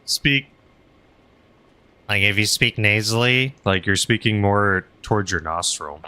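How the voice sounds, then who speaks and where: Bright-voiced man chatting on a gaming stream. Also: on the low side, unhurried, smooth. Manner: rambling, filler-heavy, laughs often. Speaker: streamer flying a helicopter. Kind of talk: casual gaming stream chat.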